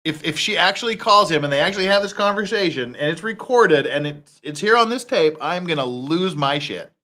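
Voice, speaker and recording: A man's voice: fairly high pitch, brisk. A man hosting a reaction commentary, ranting heatedly and swearing often. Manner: heated, profane, animated ranting. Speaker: commentary host.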